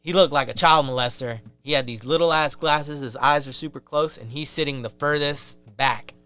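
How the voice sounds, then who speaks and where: A podcast guest, a man with a bright, crisp voice, rambles through a story in casual chat. He pitches a little high and uses plenty of filler words. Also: normal speed, dry recording. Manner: rambling, full of filler and swearing.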